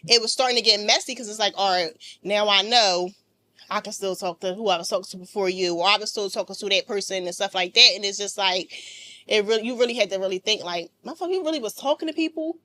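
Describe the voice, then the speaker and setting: A woman's voice: medium pitch, fast, pushed and bright. A woman co-hosting a podcast, talking candidly and profanely in casual chat, with restarts. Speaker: podcast co-host.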